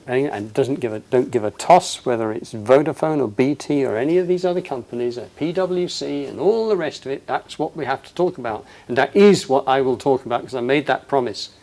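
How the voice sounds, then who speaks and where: A man giving a passionate, emphatic talk to an audience, his voice rising loud on quoted lines. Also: mid-range voice. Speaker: speaker.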